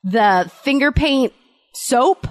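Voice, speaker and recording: A woman in her thirties co-hosting a podcast, telling animated stories and acting out quoted voices. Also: high voice, takes it slowly, no echo. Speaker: podcast co-host. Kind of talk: casual chat.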